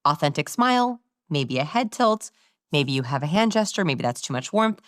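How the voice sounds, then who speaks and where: A woman in an interview, explaining body language in an animated, demonstrative way. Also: low voice, normal speed, no echo, studio quality. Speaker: guest expert on body language.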